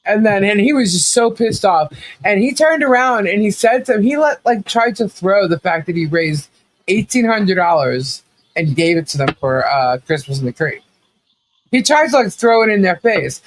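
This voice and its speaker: A man's voice: sits high, animated, normal speed, rough recording. A man co-hosting a podcast, telling a story in casual commentary, acting out quotes with laughing asides. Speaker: podcast co-host.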